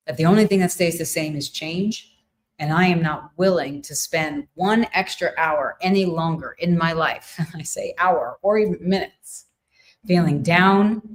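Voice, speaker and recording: A middle-aged woman hosting a live wellness session, talking to viewers in an upbeat, playful, sing-song way. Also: low voice. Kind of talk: live stream talk to viewers.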